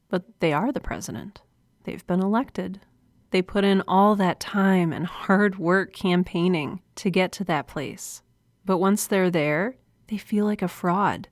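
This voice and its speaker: Here the host's pitch is fairly low and her pace a little slow. Alone at the studio mic, she sounds earnest and confiding with a smile in her voice, and the recording is dry.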